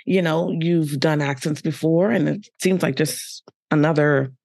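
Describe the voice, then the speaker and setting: A woman's voice: low voice, measured pace, gravelly, a little mellow, dry recording, clean studio sound. A woman hosting an interview podcast, chatting casually and praising her guest, with many fillers. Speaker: podcast host.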